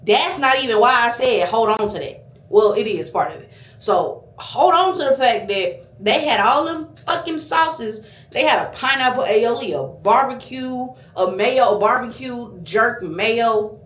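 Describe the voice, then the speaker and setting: A woman vlogger telling a restaurant story as a casual, profane, animated rant. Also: on the high side, measured pace, roomy sound.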